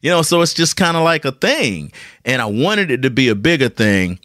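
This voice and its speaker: A man's voice: medium pitch, normal speed, no room sound, clean studio sound. A man hosting his own podcast, telling a casual, jokey story to his listeners. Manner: animated, jokey, repeats words, talks to listeners. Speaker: podcast host. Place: hot room at home with a ceiling fan.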